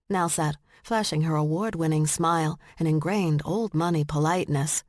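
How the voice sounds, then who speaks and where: A woman narrating a romance audiobook in slow, measured storytelling, recorded close on a studio mic. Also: sits low, darkish tone, no echo. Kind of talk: scripted narration.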